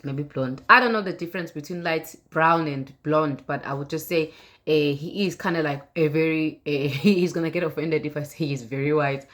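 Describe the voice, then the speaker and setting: A woman's voice: deep voice, moderate pace, a bit bright. A woman vlogger in her thirties telling a personal story to camera, earnest and repeating herself with fillers.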